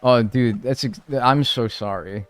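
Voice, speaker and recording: A man's voice: medium pitch, measured pace, clean tone, dry recording, soft background music. A man streaming a video game, chatting with his viewers in a loose, slangy way and saying "dude" and "like" often. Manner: laid-back, slangy, says "dude" and "like" a lot, reads and answers chat. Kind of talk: casual live-stream chat over gameplay.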